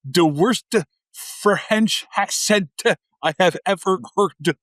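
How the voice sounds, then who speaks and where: A man's voice: sits high, takes it slowly, fairly bright tone, dry recording. A man co-hosting a casual movie podcast, wry, working through his notes. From Canada. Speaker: podcast co-host.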